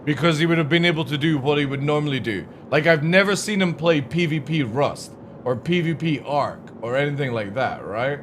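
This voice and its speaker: A man's voice: on the high side, a little fast, few pauses, slight background noise. A young man streaming, ranting about video games in a profane, exasperated way. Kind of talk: ranting gaming stream talk.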